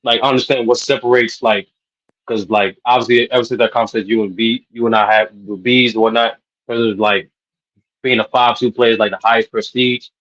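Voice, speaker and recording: A man's voice: mid-range voice, fairly even intonation, fairly quick, fairly bright tone, muffled recording. A man hosting a sports podcast, asking questions in a rambling, casual way full of fillers. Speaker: podcast host.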